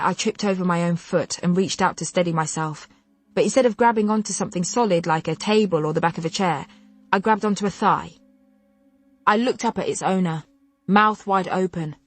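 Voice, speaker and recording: A woman narrating a contemporary novel in first person, telling it in an expressive, wry way on a close studio mic. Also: on the low side, a little fast, no room sound, soft background music. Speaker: audiobook narrator.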